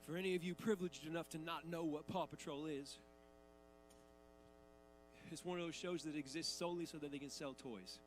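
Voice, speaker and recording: A man's voice: a little high, steady tone, fairly quick, long pauses, faint music behind. A man in his thirties, a pastor preaching a sermon in a church, talking in a conversational, emphatic way with casual asides. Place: church sanctuary.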